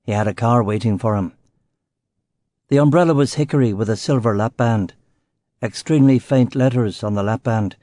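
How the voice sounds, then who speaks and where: A man reads a first-person crime novel aloud with terse, wry phrasing. His voice sits mid-range and has a warm, mellow tone. The sound is close and dry. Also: mid-range voice, normal speed, dry recording. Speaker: audiobook narrator.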